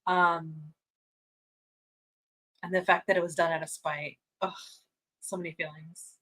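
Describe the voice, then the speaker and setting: A woman hosting a fan watch-party stream, chatting casually and reading out viewer comments, gushing and excitable, laughing often and restarting her sentences. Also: fairly low pitch, unhurried, low-quality recording.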